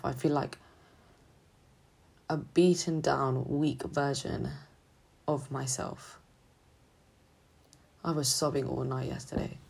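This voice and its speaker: A young woman student talking haltingly and hesitantly in a confessional vlog, sounding drained and low on energy. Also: vocal fry, darkish tone, slightly rough. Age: young adult. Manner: halting, hesitant, full of restarts. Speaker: student vlogger.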